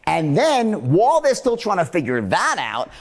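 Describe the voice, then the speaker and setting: A man's voice: high-pitched, wildly swooping pitch, normal speed, in a large hall. A man giving a sales seminar, blunt and profane, acting out the tones of voice he teaches. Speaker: sales trainer.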